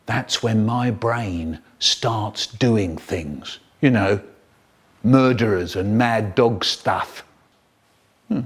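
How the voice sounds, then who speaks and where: A man telling comic stories, theatrical and savouring each word, swinging from hushed to loud. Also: fairly low pitch, lively intonation, slow, slightly rough. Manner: theatrical, savouring words, sudden swings between hush and loud. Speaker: storyteller. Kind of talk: comic storytelling to camera.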